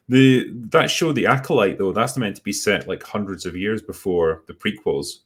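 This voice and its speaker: Laid-back man with a low voice. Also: a bit bright, husky. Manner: laid-back, halting with many ums, wry. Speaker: host. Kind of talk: casual chat reading superchats.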